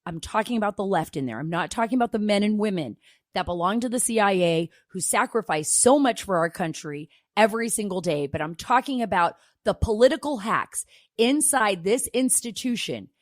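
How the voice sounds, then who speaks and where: A woman's voice: medium pitch, lively intonation, fairly quick, dry recording. Woman, middle-aged, talk host, emphatic, rhetorical questions, dry sound. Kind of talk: opinionated political talk.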